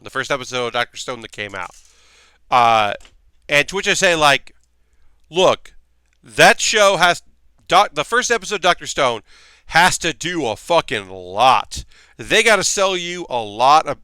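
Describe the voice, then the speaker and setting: A man's voice: a little high, bright, forceful tone, smooth, dry recording. A man hosting a livestream, chatting loosely and profanely and answering comments from chat as he talks. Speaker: livestream host.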